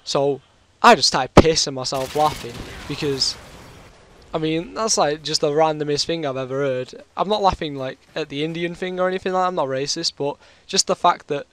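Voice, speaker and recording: A man's voice: on the high side, normal speed, fairly bright tone. A British man with a sore throat, telling a long rambling story in casual chat over his gameplay. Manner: rambling, chatty, full of fillers. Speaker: gaming commentator.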